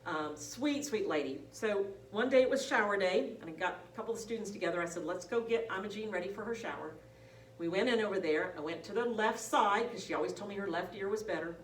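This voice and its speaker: A woman's voice: mid-range voice, fast talker. A woman nursing instructor lecturing a class, telling stories and acting out the voices of people in them. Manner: animated storytelling, acts out quoted voices. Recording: roomy, from a distance, faint hum.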